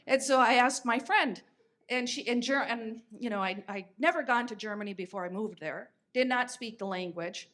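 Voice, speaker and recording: This American podcast host, a woman in her fifties, speaks at a normal speed with a fairly high, fairly bright voice. Her storytelling is casual and chatty, with fillers and false starts along the way.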